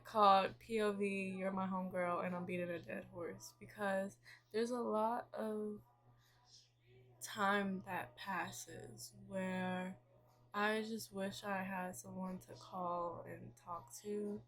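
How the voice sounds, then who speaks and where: A young woman at home venting to her camera in a casual, confessional way, soft and halting, a little emotional, with many pauses while she does her nails. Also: mid-range voice, little pitch movement. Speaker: vlogger. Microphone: camera set up nearby.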